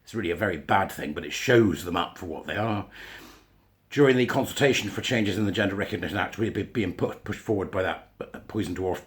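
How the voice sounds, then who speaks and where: A man's voice: low-pitched, fairly quick. A man hosting a podcast in a casual opinion monologue, blunt and sarcastic with a put-on mock Scottish accent. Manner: blunt, sarcastic, swearing, laughs to himself. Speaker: podcast host.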